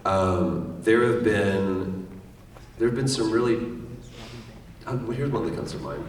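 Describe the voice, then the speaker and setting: A lower-voiced middle-aged man tells stories to a live convention audience. He slips into quoted voices as he goes. The sound rings through a big hall, picked up from a distance. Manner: animated storyteller, acts out quoted lines. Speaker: panel guest, voice actor. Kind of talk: convention panel talk. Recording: echoey hall, distant mic, faint noise.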